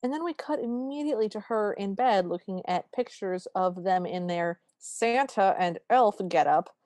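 A woman's voice: mid-range voice, normal speed, no echo. A woman co-hosting a podcast, recapping a film in casual chat and acting out the characters' lines. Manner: animated storytelling, acts out quoted lines. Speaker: podcast co-host.

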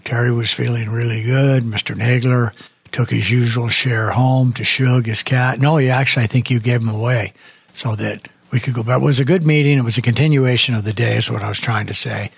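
A man's voice: medium pitch, steady tone, fairly quick, creaky, breathy edge, no room sound. An older man hosting a music show, chatting casually and rambling off on tangents between songs. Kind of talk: casual radio show chat.

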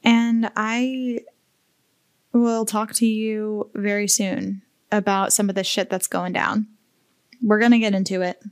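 A woman hosting a solo podcast, talking slowly and candidly with open emotion and casual swearing. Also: medium pitch, little pitch movement, clear, resonant tone, no echo. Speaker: podcast host. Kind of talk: heartfelt solo podcast talk.

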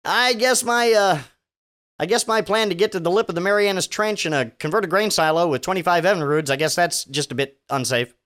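A man's voice: sits high, a little fast, a bit bright, clear, resonant tone. A man hosting a solo podcast, reading news items and mocking them with sarcastic, profane asides and stammering restarts. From Virginia. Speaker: podcast host.

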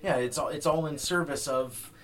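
A man's voice: fairly high pitch, normal speed, a bit bright. A man hosting an interview, asking questions in a casual, hesitant way with many restarts. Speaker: podcast host.

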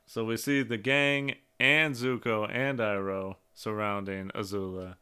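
A man's voice: lowish voice, fairly even intonation, measured pace, pushed and bright, clean tone. A man co-hosting a podcast, casually recapping episodes, swearing and quoting lines. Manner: retells scenes with quoted lines. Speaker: podcast co-host.

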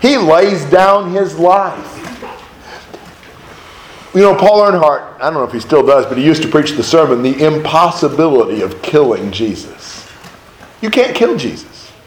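Male Bible teacher, somewhat high voice, emphatic and lively, recorded in a roomy space with faint background noise. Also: moderate pace. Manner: emphatic, animated, with rhetorical questions. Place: room with a group of listeners.

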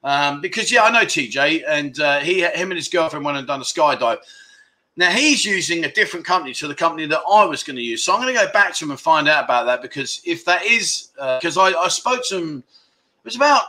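A middle-aged man chatting loosely on a livestream, voice pitched a little high and sounding bright and forceful. He wanders between stories and cheeky remarks while reading out viewers' comments. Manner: rambling, jokey, reads viewer comments aloud with quick asides. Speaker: livestream host. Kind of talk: casual livestream chat.

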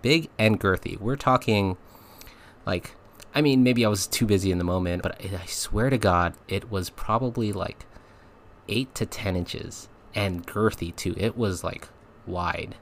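Rambling, low-voiced man telling a story. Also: measured pace, slight background noise. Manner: rambling, filler-heavy, laughs often. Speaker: podcast host. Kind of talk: casual storytelling.

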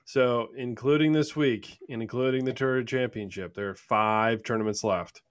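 A man's voice: mid-range voice, moderate pace. A man co-hosting a casual podcast, chatting in a joking, profane manner. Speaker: podcast co-host. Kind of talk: casual chat.

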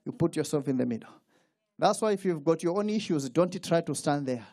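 Male pastor, animated call-and-response sermon, very lively pitch. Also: brisk.

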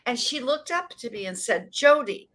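Bright-voiced woman in her sixties. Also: fairly high pitch, very animated. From Montana, US. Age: 60s. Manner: emphatic, earnest, dramatic pauses. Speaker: guest, motivational speaker. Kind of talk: casual interview storytelling.

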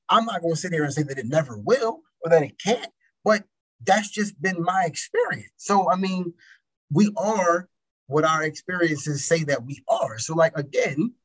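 A young man in casual chat, telling stories in a blunt, profane, animated way. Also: on the high side, breathy edge, rough recording.

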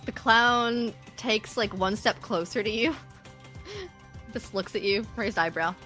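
A woman running a tabletop game as game master, chatty and quick to laugh. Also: a little high, animated, bright, forceful tone, faint music behind. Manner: laughs often, loose and chatty narration.

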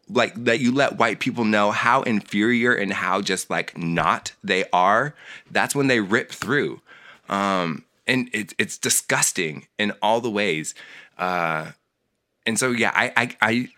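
A man's voice: on the low side, measured pace, pushed and bright. A man in a casual talk, ranting with heated passion and many filler words. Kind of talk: casual conversational rant.

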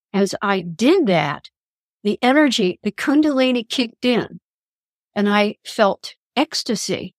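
A woman speaks in an earnest, reflective way as she recounts spiritual experiences for a podcast interview. Her voice sits at a middling pitch and is recorded close and dry, with no room around it. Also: expressive, slow pace, no echo. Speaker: guest, author and columnist. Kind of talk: podcast interview, personal storytelling.

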